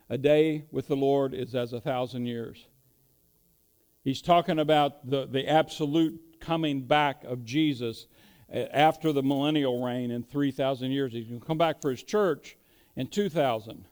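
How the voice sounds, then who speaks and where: A man's voice: medium pitch, unhurried, pauses often, darkish tone. A man preaching a sermon, asking rhetorical questions and building emphasis as he teaches. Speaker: pastor.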